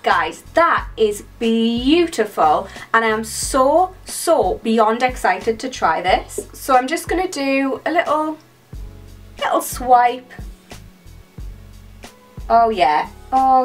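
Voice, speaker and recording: A young British woman chatting excitedly through a makeup tutorial in a gushing, chatty way. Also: on the high side, slow, faint music behind. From United Kingdom. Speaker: beauty vlogger.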